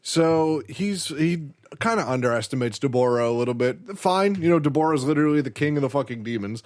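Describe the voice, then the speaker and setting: A young man co-hosting a podcast, retelling an anime episode in an animated, laughing, swearing way. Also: a little high, brisk. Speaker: podcast co-host. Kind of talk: casual anime recap chat.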